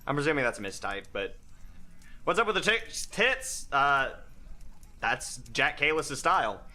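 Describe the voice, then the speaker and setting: A man reacts to a game on a live stream, excitable and giggly as he reads along. His voice is on the high side and bright, and it bounces with a wide, lively range. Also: unhurried. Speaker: streamer playing a visual novel. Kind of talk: live let's-play commentary.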